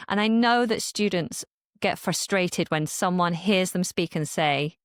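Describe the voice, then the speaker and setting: A woman's voice: fairly low pitch, unhurried, no echo, studio quality. A woman from Manchester with a light Northern English accent, a podcast guest speaking in casual interview chat, articulate and earnest. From Manchester, England. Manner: articulate, earnest, clear speech. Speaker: guest, English teacher creator.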